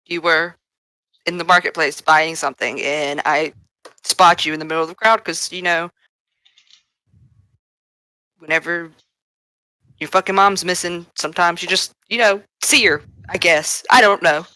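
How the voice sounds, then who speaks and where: A woman's voice: fairly low pitch, steady tone, moderate pace, pushed and bright, no echo. A woman speaking in character as a tabletop role-play player, blunt and swearing freely.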